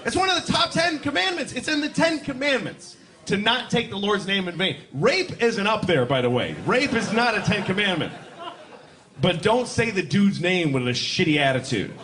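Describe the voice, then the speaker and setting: A man performing a stand-up comedy routine in front of a live audience, animated and acting out characters as he goes. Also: sits high, normal speed, noisy background. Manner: animated, acts out characters in voices. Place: large venue with a live audience.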